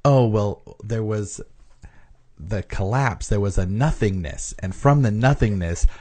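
A man's voice: on the low side, unhurried, a little mellow. A man in a casual podcast chat, earnestly explaining scripture with frequent restarts.

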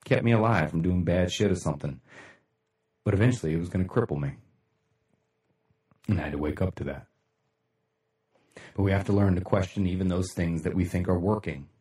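Man, very low voice, blunt and profane, rambling motivational talk, roomy echo. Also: warm tone, distant mic. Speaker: livestream host. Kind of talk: casual motivational livestream talk.

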